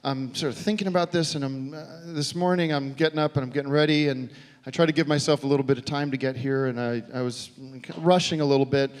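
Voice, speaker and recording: An American man doing a stand-up comedy set on a theater stage, talking in a halting, deadpan way full of restarts. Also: medium pitch, clean tone. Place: theater stage before a live audience. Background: audience laughter.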